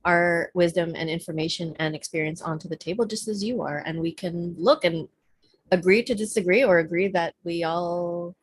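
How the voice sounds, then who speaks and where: A middle-aged woman co-hosting a spiritual talk show, chatting in a relaxed way with plenty of fillers. Her voice sits low and sounds a bit husky. The sound is dry and close, like a video call. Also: moderate pace, no room sound. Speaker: podcast co-host.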